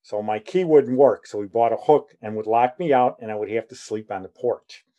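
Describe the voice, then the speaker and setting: A man's voice: medium pitch, normal speed, dark tone, muffled recording. A man in his sixties telling a rambling personal story, acting out the dialogue as he goes.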